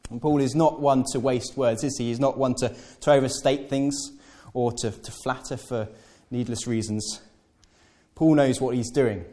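A man's voice: medium pitch, fairly even intonation, normal speed, mellow. A man preaching a sermon to a congregation, talking in a conversational way with playful asides and self-corrections. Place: church hall with congregation.

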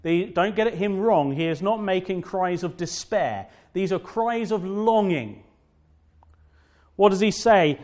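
A man with a notably high speaking voice delivers a sermon from the pulpit. He preaches with fervour, repeating phrases and slowing down to press home key words. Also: lively intonation, darkish tone. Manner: fervent preaching with emphatic repetition and slow drawn-out stresses. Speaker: pastor.

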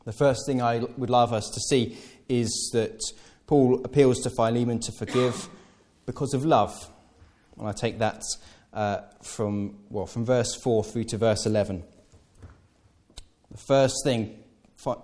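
A man delivers a sermon with a mellow, warm tone at a middle pitch. He talks conversationally, correcting himself as he goes and slipping in playful, acted-out asides for his congregation. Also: steady tone, a little slow. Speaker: preacher. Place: church hall with congregation.

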